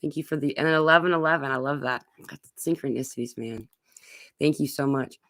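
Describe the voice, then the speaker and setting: A woman with a low-pitched voice hosts a live online Q&A on spiritual matters. She reads viewer comments aloud and talks in a loose, rambling way, with many fillers and restarts. The sound is dry and close, with no room echo. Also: fairly quick, fairly bright tone. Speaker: spiritual channeler hosting a live Q&A. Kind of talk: casual live-stream Q&A, reading viewer comments.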